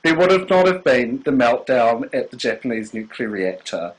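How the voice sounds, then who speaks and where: A man's voice: mid-range voice, sing-song, normal speed, rough recording. A man hosting a live stream who rants in a sassy, theatrical way. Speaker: show host. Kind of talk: campy live-stream chat.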